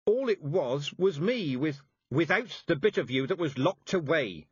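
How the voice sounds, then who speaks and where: A man's voice: fairly high pitch, expressive, fairly bright tone, slightly rough, no echo, dull audio, pitched above the performer's own voice. A man putting on a stern old witch woman. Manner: brisk, scolding, blunt.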